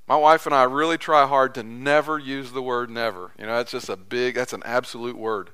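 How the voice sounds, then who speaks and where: Bright-voiced conversational preacher man. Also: medium pitch, moderate pace, clean tone. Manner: conversational, repeats phrases for emphasis. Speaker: pastor. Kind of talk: sermon.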